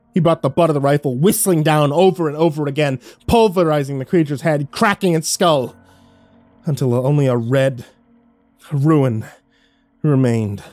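A man's voice: fairly high pitch, darkish tone, no echo. Man narrating horror, intense and dry. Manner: intense, rising during action scenes.

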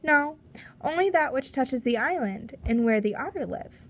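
A woman voicing a proud island chief, a tall man who answers calmly and firmly in a storybook reading. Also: high-pitched, normal speed, pitched above the performer's own voice. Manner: calm, firm, speaks softly when angry.

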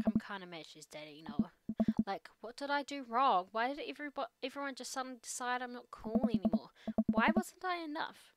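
A woman voicing an upset teenage daughter in a game, venting in a rapid, gossipy way. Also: a little high, natural voice. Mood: hurt.

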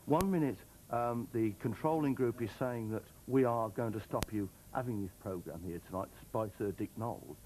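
A man's voice: medium pitch, moderate pace, hardly any pauses, mellow, a little hiss or hum, poor audio. A man speaking as a councillor in a studio debate, emphatic and repetitive in making his point. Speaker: opposition councillor. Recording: TV studio with audience.

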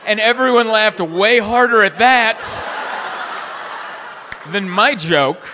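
A young man performs stand-up, telling animated stories, voicing the people he quotes with big pitch jumps, and laughing at his own jokes. He speaks slowly with long pauses, and there's background noise.

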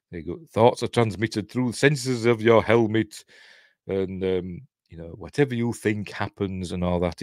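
Chatty Yorkshire man, lowish voice. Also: dry recording, clean studio sound. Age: middle-aged. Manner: rambling and chatty, full of ums and little chuckles. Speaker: channel host, film commentator. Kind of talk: casual movie watch-along commentary.

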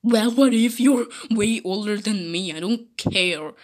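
A defiant younger pony princess, voiced by a woman, sassy and taunting, dropping "like" into every line. The delivery is slow and unhurried, with a middling pitch for a woman. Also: slight background noise, close to an everyday voice. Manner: sassy, taunting, says "like" a lot.

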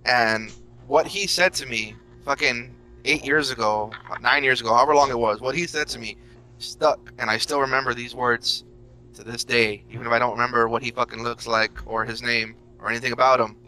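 Young male co-host, bright forward voice, joking anecdotal delivery with swearing. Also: medium pitch, steady tone, brisk, poor audio. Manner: storytelling, profane, joking. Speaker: podcast co-host. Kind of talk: casual chat.

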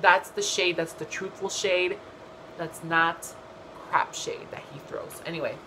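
A young woman talks straight to camera in a loose, gossipy recap, cursing freely and throwing in animated asides. Her voice sits a little low for a woman. A faint hiss of background noise runs under it. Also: unhurried, rough recording. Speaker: vlogger. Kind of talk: casual reality-show recap.

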